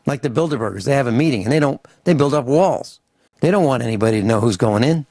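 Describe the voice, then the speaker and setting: A man hosting a radio talk show, ranting in an animated, grumbling way and acting out little mock dialogues. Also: medium pitch, fast talker, no echo. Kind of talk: opinionated radio talk and rant. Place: home studio on a farm. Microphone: studio microphone.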